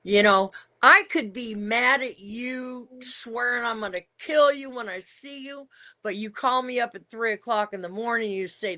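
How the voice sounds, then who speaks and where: A woman's voice: on the high side, normal speed, sharp tone. An older woman, a retired wrestler, telling stories from her career in a casual interview. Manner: reminiscing storyteller, emphatic.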